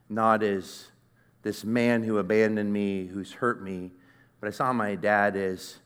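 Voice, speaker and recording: A middle-aged man preaching to a conference crowd as he tells a personal story. His voice sits on the low side, and he talks in an earnest, conversational way. He gets loud at moments and then drops to a near hush. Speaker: conference speaker. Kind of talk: sermon.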